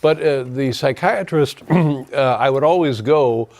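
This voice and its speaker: Male talk show guest, wry and hesitant, self-mocking, mid-pitched voice. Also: measured pace, a little mellow. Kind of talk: casual talk show chat.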